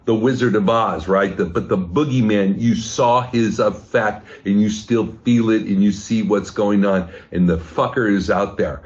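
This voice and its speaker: A man's voice: fairly low pitch, highs cut off. A man giving a rambling, profane, rousing fundraising pep talk over a video call. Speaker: fundraising speaker.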